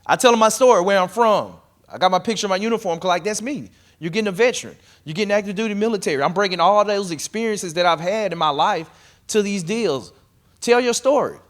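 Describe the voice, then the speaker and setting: Here a man with a high voice and quick pace addresses a live workshop audience about real estate investing. Lively and conversational, he coaches them directly.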